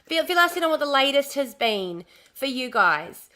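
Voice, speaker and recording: A woman hosting a casual livestream, chatty and bubbly, a little hoarse as her voice comes back after being sick. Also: sits high, sing-song, normal speed, bright, forceful tone. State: recovering from lost voice, slightly hoarse. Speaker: livestream host.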